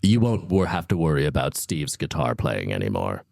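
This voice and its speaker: A man co-hosting an improvised comedy show, talking in a dry, deadpan way. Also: very deep voice, normal speed, vocal fry, dry recording.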